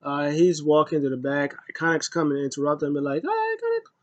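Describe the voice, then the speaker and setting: A man's voice: on the high side, little pitch movement, fast talker, no room sound, highs cut off. A man giving a loose, rambling casual recap as a wrestling show reviewer, full of asides.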